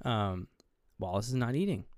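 A man's voice: medium pitch, moderate pace, dry recording, clean studio sound. A man co-hosting a movie podcast, retelling scenes in casual chat, swearing often and acting out the characters. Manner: animated, swears a lot, acts out scenes in voices. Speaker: podcast co-host.

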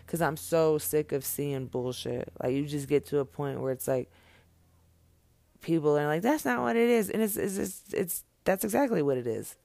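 A man delivers an impassioned monologue, blunt and full of swearing, circling back to the same phrases to hammer his point. His voice sits a little high for a man and carries a gravelly rasp. The sound is close and dry, with no room echo. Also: normal speed, mellow. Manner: blunt, profane, preachy, with repeated phrases.

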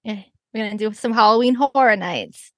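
A woman's voice: medium pitch, fairly quick, dry recording. A woman co-hosting a podcast, talking casually with lots of fillers as she explains things. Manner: relaxed rambling with many fillers. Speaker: podcast co-host. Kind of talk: casual chat.

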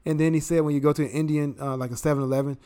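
A man co-hosting a podcast in animated, sarcastic chat, with swearing and mocking asides. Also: a little high, rapid-fire. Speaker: podcast co-host. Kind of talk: casual political chat.

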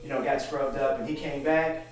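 A man's voice: mid-range voice, fairly even intonation, normal speed, a crowd in the background. A middle-aged man, a guest, telling a story in laid-back casual chat. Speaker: guest, entrepreneur. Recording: very echoey room, mic far off.

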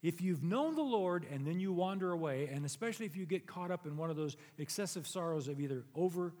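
Middle-aged male pastor, high voice, earnest conversational sermon, reverberant church hall. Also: expressive, fast, a little mellow. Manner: earnest, conversational preaching with rising emphatic peaks. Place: church sanctuary. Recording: long reverb of a large hall.

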